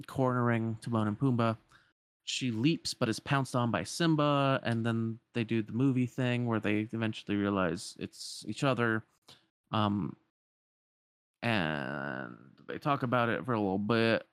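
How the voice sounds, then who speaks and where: A man's voice: medium pitch, smooth. A man casually retelling a video game story scene by scene. He talks in a chatty way, with fillers and restarts, in a medium voice. The sound is dry, with no room echo.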